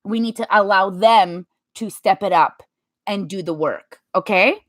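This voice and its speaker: A woman in her thirties giving emphatic, animated motivational talk to her viewers, acting out little quotes as she goes. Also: mid-range voice, a little slow, no echo. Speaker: vlogger.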